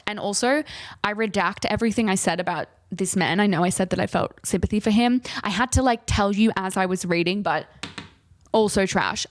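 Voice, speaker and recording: A woman's voice: mid-range voice, dry recording. A young woman vlogger giving a casual, sarcastic book recap, swearing and laughing often.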